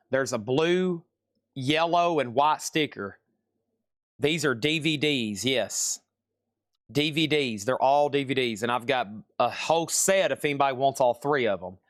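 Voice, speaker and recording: A man's voice: mid-range voice, a bit bright, no echo, clean studio sound. Southern man running a live record sale. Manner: chatty, repeats prices and buyer names. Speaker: live-stream seller. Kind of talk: live sales stream.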